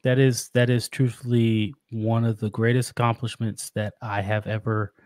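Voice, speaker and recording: A man's voice: medium pitch, level tone, moderate pace, a little mellow, no room sound, clean studio sound. A man guesting on a podcast, talking about being a father in an earnest, reflective way, often restarting his sentences. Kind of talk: casual interview talk.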